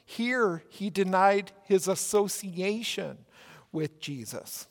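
A male pastor with a Minnesota accent preaching a sermon in a church, earnest and measured, with emphatic rises. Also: sits high, animated. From Minnesota, United States. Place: church sanctuary. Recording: long church reverb.

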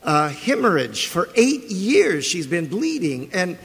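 A man's voice: high voice, very animated, slow, fairly bright tone, breathy edge. A male pastor preaching a sermon, telling the story with animation and putting questions to the congregation. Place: church sanctuary. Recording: long reverb of a large church hall.

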